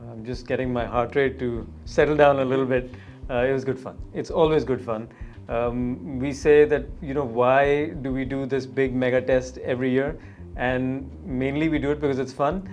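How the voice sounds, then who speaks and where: A middle-aged man, an editor-in-chief, talking through a car test in a relaxed, explanatory way. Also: medium pitch, brisk, lo-fi sound, soft background music. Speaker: editor-in-chief, jury panelist. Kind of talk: casual discussion.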